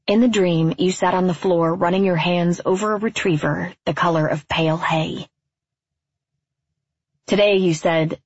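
A woman reading a literary story aloud as narrator, in a quiet, measured, wistful way, on a dull, dry recording. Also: on the low side, steady tone, slightly rough, no room sound.

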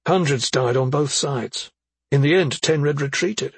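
A woman's voice: deep voice, unhurried, slightly rough, no room sound, pitched above the performer's own voice, full character voice. A man reading an audiobook, voicing a worried middle-aged mother who questions her son sharply and skeptically. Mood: grave. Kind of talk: audiobook character voice.

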